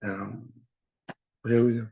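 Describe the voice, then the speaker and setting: Husky man reciting poetry over a lo-fi call. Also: mid-range voice, level tone. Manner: measured, deliberate delivery of poem lines. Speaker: open mic poet. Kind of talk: reciting spoken-word poetry. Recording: dull lo-fi call audio.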